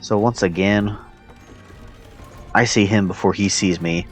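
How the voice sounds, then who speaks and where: Male player, deep voice, narrates his own match loosely with ums, faint music underneath. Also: a little slow. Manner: relaxed, thinking aloud with fillers. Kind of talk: casual gameplay commentary.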